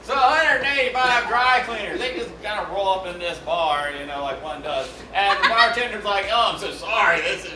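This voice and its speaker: A man performing live improv comedy, telling joke setups in a loose, drawn-out way with fillers. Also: sits high, lively intonation, heavy background noise. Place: comedy theater stage. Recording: roomy theater sound from a distant mic.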